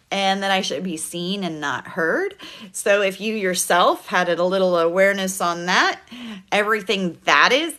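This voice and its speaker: A woman's voice: mid-range voice, sharp tone. A woman in her thirties chatting casually on a TikTok livestream, rambling and laughing often. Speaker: TikTok live streamer.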